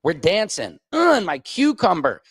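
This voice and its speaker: A man's voice: huge pitch swings, moderate pace, creaky, husky, no room sound. Crude rambling male streamer, dry sound. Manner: crude, rambling and profane, with big swings in pitch. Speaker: streamer host. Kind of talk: casual livestream monologue.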